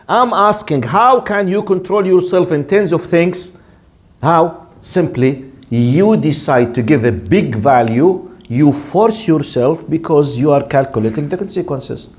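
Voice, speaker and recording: Male religious teacher, emphatic lecturer, fond of rhetorical questions and repetition, high voice. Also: darkish tone. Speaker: Islamic teacher. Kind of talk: religious lesson. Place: lecture in Canada.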